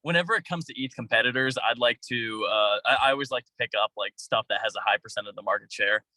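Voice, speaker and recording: Young guy, bright tense voice, dry sound, loose filler-heavy talk. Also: mid-range voice, fast, no echo. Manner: casual, lots of "like". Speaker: student participant. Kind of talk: casual chat.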